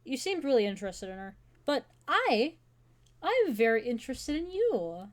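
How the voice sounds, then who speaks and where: A woman's voice: high-pitched, big pitch swings, normal speed, voice pushed up. A woman voicing a shy, insecure young man who stammers and gushes as he fawns over someone. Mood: flustered. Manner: stammering, gushing.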